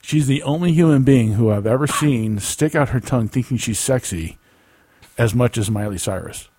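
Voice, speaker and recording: A man's voice: medium pitch, normal speed, dark tone, husky, no echo. A man co-hosting a casual comedy podcast, telling stories animatedly and laughing often. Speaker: podcast co-host.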